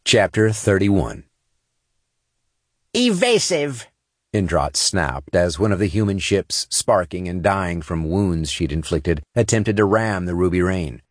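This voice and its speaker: A man narrating a science fiction audiobook in a measured, expressive read. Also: sits low, dry recording, clean studio sound. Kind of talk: scripted narration.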